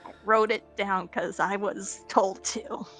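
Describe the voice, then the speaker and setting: A woman playing a tabletop game, playful and quick to laugh. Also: medium pitch, steady tone, a bit bright, soft background music. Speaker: player. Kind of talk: casual tabletop play.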